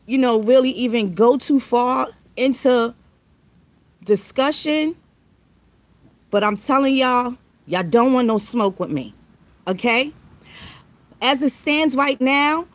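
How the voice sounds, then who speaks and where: Woman, vlogger, slightly high pitch, blunt profane rant, rhetorical questions. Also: dry recording. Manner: blunt, confrontational, profane street talk; drawn-out phrases with rhetorical questions. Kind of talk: direct-to-camera rant.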